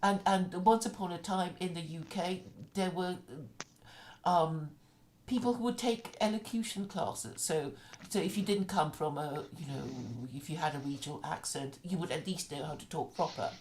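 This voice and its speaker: A woman's voice: fairly low pitch, normal speed, darkish tone, a little hiss or hum. A woman in casual conversation, talking in an opinionated, chatty way with frequent restarts.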